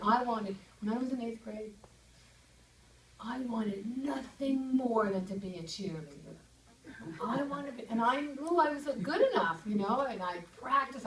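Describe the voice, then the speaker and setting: A woman's voice: mid-range voice, a little hiss or hum. Woman speaking in an echoey room. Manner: lively, asks the audience questions. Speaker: speaker leading a group session. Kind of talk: casual talk to a group. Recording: echoey room, mic far off.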